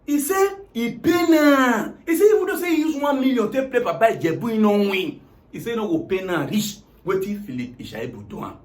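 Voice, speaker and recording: A man with a Nigerian Pidgin accent spins a comic tale and acts out every voice in it. His voice sits very high and jumps around a lot as he tells it. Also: brisk. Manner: animated, dramatic retelling with acted-out quotes. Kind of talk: comic storytelling retelling a political tale.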